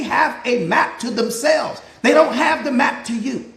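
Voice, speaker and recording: Male motivational coach, very high pitch, preacher cadence, roomy echoey sound. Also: measured pace, gravelly, fairly bright tone. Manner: preacher-like, repetitive rhetorical questions and answers. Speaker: mindset coach. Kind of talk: live motivational talk.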